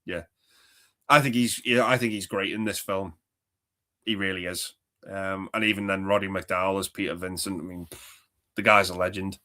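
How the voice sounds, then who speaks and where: A man's voice: sits low, steady tone, normal speed, pauses often, sharp tone. A man co-hosting a casual movie chat, enthusiastic, swearing often and slipping into quoted lines. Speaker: podcast co-host.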